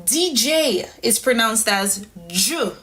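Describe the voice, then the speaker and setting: Slow, patient woman teaching a lesson. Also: fairly high pitch, expressive, bright, forceful tone. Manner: patient, explains step by step. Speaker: language teacher. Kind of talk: instructional lesson.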